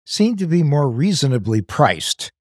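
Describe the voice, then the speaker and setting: A man co-hosting a podcast, explaining things in a measured, casual way. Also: fairly high pitch, big pitch swings, no room sound, studio quality. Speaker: podcast co-host. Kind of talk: casual chat.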